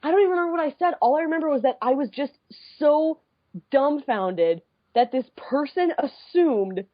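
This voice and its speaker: Young woman podcast co-host, higher voice, dry lo-fi sound, swears through an animated story. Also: moderate pace, no echo. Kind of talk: casual chat. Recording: dull lo-fi podcast audio.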